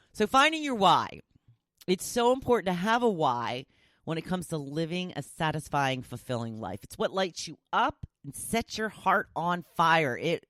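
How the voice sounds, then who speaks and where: This middle-aged podcast host talks casually on her solo show, joking around and laughing between thoughts. Her low voice has a fairly bright tone, and the studio-quality audio has no room sound.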